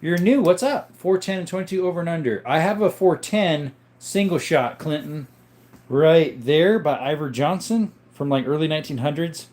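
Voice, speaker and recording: A man's voice: on the high side, lively intonation, normal speed, a little mellow. Upbeat young man hosting a live chat. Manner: chatty, greets viewers by name, upbeat. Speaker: livestream host reading chat.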